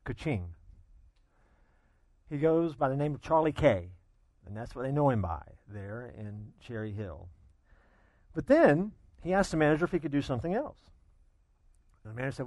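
A man preaching a sermon, telling a story in an animated way, dropping to a hush and then rising loud. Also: mid-range voice, moderate pace, long pauses, no room sound. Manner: animated storyteller, swings between hushed and loud. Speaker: pastor.

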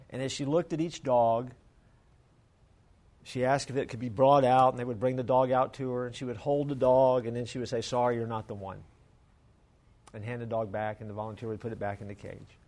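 A male pastor telling a story in a sermon and leading a prayer, earnest and conversational, dropping to a hush. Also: mid-range voice, steady tone, normal speed.

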